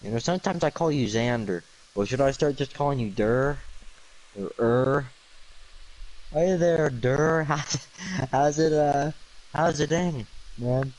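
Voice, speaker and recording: A man's voice: mid-range voice, measured pace, a little mellow, low-quality recording. A tired man streaming late at night, rambling through goofy wordplay with lots of ums and uhs. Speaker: livestreamer.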